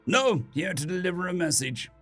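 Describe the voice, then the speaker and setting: A man voicing a defiant dead atheist who stays calm and coldly confident, asking one probing question after another. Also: sits high, moderate pace, soft background music, pitched above the performer's own voice, full character voice.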